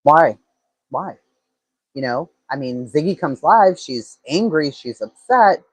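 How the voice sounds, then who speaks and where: A man's voice: on the high side, animated, takes it slowly, slightly rough, dry recording, low-quality recording. A man hosting a true-crime livestream, talking casually and thinking aloud with lots of fillers and restarts.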